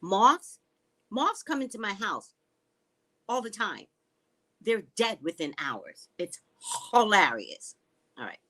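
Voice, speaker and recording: In an unhurried, rather high voice, a woman hosts a casual live stream from her home. She reads viewers' comments aloud and tells animated, sarcastic stories, swearing often.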